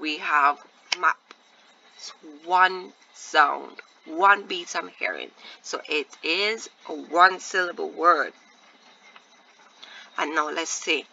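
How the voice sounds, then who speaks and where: A woman teacher giving a patient phonics lesson to young children, repeating words slowly and asking encouraging questions. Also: fairly low pitch, creaky, bright, forceful tone, lo-fi sound, a little hiss or hum. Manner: drawn-out, deliberate word repetition with encouraging questions.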